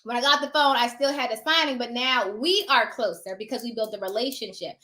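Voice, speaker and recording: Chatty high-voiced woman, roomy echo. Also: brisk. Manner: chatty, acts out dialogue in animated voices. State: tired. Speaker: notary. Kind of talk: casual advice talk.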